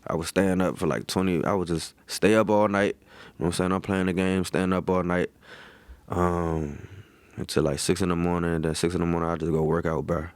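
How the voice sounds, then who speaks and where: A man's voice: sits low, fairly even intonation, a little fast, clear, resonant tone, no echo. A man in his thirties, a pro football player, chatting as a guest in laid-back slang and telling his story with lots of "you feel me" tags. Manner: acts out quoted voices animatedly. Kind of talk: casual storytelling chat.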